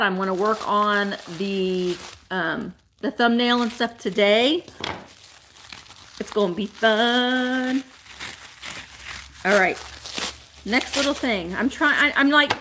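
A woman's voice: mid-range voice, fairly bright tone, slight background noise. A woman hosting a live vintage sale, chatting casually and gushing over each item she unwraps. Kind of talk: casual live-stream chat.

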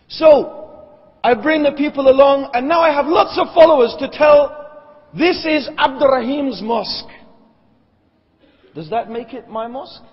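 A man's voice: extremely high pitch, slightly rough. A man giving a religious lecture, arguing emphatically point by point and asking the audience rhetorical questions. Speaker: Islamic lecturer. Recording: echoey hall, dull lo-fi sound.

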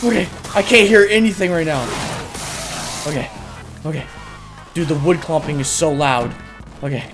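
A woman giving excitable gameplay commentary as host of a gaming video, often yelping and shouting at in-game sounds. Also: sits low, moderate pace, music in the background. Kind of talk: excitable let's-play commentary.

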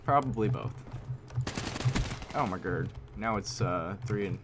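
A man giving live commentary over his own gameplay, excitable, repeating himself and using mild minced oaths. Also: fairly low pitch, measured pace, noisy background. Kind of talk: live video game commentary. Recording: loud game gunfire under voice. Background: gunfire and shooting game sounds.

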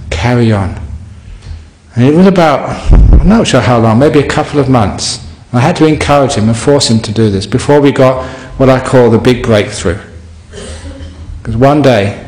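A monk speaking at medium pitch and normal speed tells a funny story in reply to a question during a dharma talk. The delivery is lively and humorous, and the hall around him echoes.

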